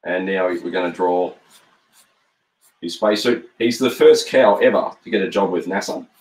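An Australian man with a fairly low voice gives a jokey running commentary as he draws cartoons live. He is middle-aged, relaxed and full of ums, talking to his viewers like a friendly teacher. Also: moderate pace. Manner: playful, jokey running commentary with frequent ums while drawing. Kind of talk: live-stream drawing chat.

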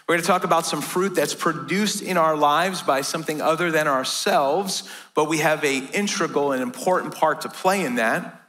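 Joking, conversational American pastor, higher pitch. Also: male voice, normal speed, fairly bright tone. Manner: conversational and joking, often asks "right?". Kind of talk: sermon. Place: church.

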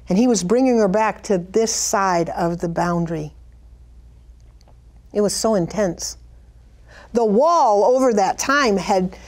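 Sharing a vision, a middle-aged Christian woman delivers a fervent, pleading testimony and prayer in a darkish tone. On the lines she cries out, her voice rises high.

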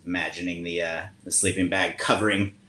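A man reading a children's book aloud over a video call, playfully shifting his pitch for the animal voices. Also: level tone, brisk, sharp tone, roomy sound. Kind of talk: storytime reading with chat.

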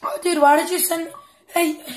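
High-voiced taunting young woman in game chat. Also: moderate pace. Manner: taunting, repetitive, excitable. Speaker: channel host trolling players in online chat. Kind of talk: loud teasing game chat.

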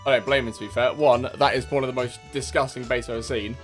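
A man's voice: mid-range voice, steady tone, fast, faint music behind. A young man giving cheeky, swear-filled gameplay commentary and mocking other players. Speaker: gaming streamer.

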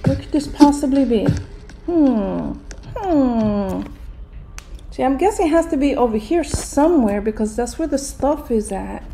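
A woman's voice: sits high, expressive, unhurried, vocal fry, mellow, slight background noise. Grumpy older woman ranting while gaming. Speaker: gaming channel host. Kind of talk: gaming commentary.

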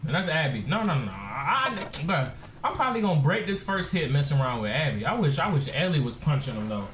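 A man calls out a let's-play in a hyped, playful trash-talking flow, his slightly high voice leaping up and down. The recording sits in an echoey room with clear background noise. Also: big pitch swings, fast talker. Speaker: gaming streamer.

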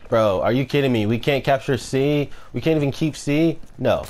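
A man's voice: medium pitch, moderate pace, background noise. A man commentating his own gameplay, swearing and ranting at teammates and opponents. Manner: profane trash-talking, ranting at teammates. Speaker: gamer.

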